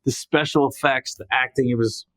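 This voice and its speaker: A man's voice: medium pitch, fairly even intonation, normal speed, a bit bright, no echo. A man hosting a podcast, talking alone in a casual, rambling way, joking at his own expense and often restarting his sentences. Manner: rambling, with frequent restarts and self-corrections; joking, self-deprecating. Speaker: podcast host. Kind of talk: casual solo monologue.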